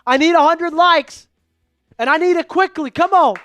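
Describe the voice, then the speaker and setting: A man calling a game live for an online fan stream, hyped and pleading with his viewers, rising to shouts at big plays. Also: very high voice, normal speed, faint music behind. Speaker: fan livestream play-by-play host. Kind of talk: excitable live play-by-play commentary.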